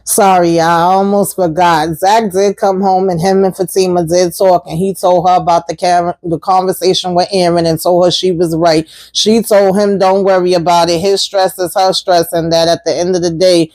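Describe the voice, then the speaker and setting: A woman's voice: fairly low pitch, moderate pace, hardly any pauses, no room sound, rough recording. Sassy woman recapping a TV episode. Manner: animated, sassy, swears casually.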